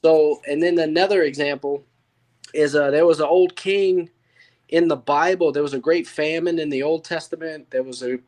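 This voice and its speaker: A man's voice: on the high side, fairly even intonation, normal speed, a little mellow. A man in a casual panel discussion, telling a story in a rambling way with fillers and restarts. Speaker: panel participant. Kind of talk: casual chat.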